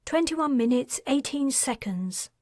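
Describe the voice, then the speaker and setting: A woman voicing a brisk female starship pilot in an audiobook, matter-of-fact. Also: high voice, lively intonation, darkish tone, no echo, clean studio sound, pitched above the performer's own voice.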